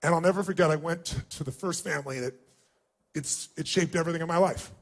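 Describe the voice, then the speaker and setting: Emphatic male storyteller, high voice. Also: fast talker. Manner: emphatic, emotional storytelling with acted-out quotes. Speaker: motivational speaker. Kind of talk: personal storytelling speech.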